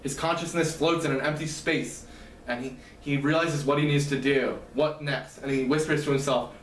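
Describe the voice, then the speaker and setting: A man retelling the plot of a novel in a halting, casual way, often correcting himself. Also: on the high side, fairly even intonation. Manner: halting, frequent fillers and self-corrections. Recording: echoey room, mic at a distance, faint hum.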